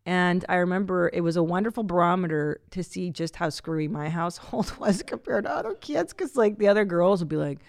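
Gravelly-voiced chatty woman podcast host. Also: fairly low pitch, expressive, a little fast, few pauses, no echo. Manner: chatty, self-deprecating, rambling. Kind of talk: casual comedic monologue.

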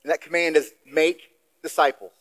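A man giving a sermon as a guest preacher in a church, talking in a relaxed, conversational way with casual asides. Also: fairly high pitch, normal speed, rough recording. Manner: conversational, self-deprecating asides.

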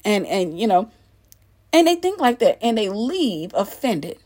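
A woman giving emphatic, animated commentary on church culture and acting out the people she mocks. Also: mid-range voice, measured pace.

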